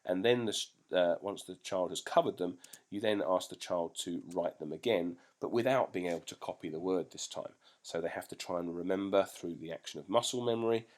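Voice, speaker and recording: A man's voice: low-pitched, fairly quick, a little mellow. A male teacher patiently explaining a home routine to parents, step by step.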